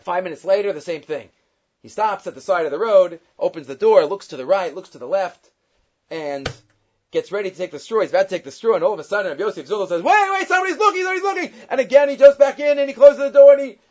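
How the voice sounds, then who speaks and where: A man's voice: high voice, fast, mellow, dull audio. A man giving a Torah class, retelling stories and weaving Hebrew quotations into his English. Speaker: Torah teacher.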